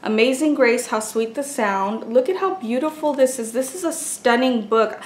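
Woman, fairly high voice, gushing unboxing chat, echoey room. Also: normal speed. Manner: gushing, exclaims often over each item. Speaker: beauty and craft vlogger. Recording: echoey room with faint noise.

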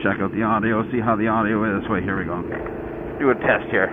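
A man's voice: on the low side, steady tone, brisk. A Canadian man vlogging from his motorcycle, rambling casually, repeating himself and swearing as he rides and tells stories. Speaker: motovlogger. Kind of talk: casual motorcycle vlog with storytelling. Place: outdoors on a motorcycle on the road. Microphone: helmet-mounted action camera. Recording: tinny helmet camera audio with road noise. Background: traffic and wind noise.

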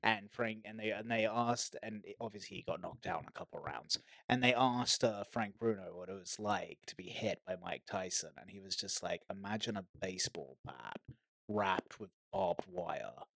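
British guy on a podcast, bright forceful voice, dry mic, keeps restarting his sentences. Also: on the low side, moderate pace, gravelly, hardly any pauses, no echo. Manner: stammering restarts, storytelling. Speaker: podcast co-host. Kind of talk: casual chat.

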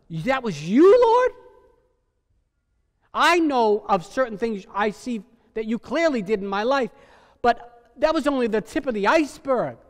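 A middle-aged man preaches from the pulpit, his voice pitched high for a man and ringing through a church with a long reverberant tail. He leans hard on key words, then drops to near-quiet before building again. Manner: emphatic preacher, swings from soft to loud. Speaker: pastor. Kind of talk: sermon. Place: church sanctuary.

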